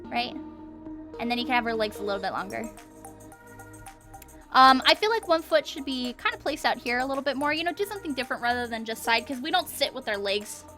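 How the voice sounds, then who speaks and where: A woman's voice: fairly high pitch, a little fast, sharp tone, soft background music. A woman streaming a live art critique, encouraging, often checking in with "okay?" and repeating words for emphasis.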